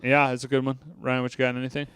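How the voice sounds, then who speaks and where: A man's voice: mid-range voice, completely flat delivery, racing, a crowd in the background. A man co-hosting a casual movie review podcast, quoting lines in mock British voices and swearing casually. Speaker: podcast co-host.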